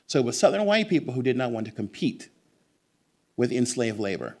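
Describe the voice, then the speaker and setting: A man with a mid-range voice speaks as the guest author at a bookstore event. He is animated and emphatic, and his answers wander into long, lively digressions. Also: medium pitch, brisk.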